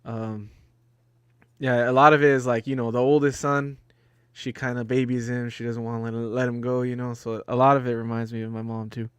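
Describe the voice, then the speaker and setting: A man's voice: mid-range voice, flat delivery, fairly quick, clean tone, no room sound. A man co-hosting a casual movie chat, laid-back and laughing often as he mimics lines from films. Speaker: co-host of a movie watch-along.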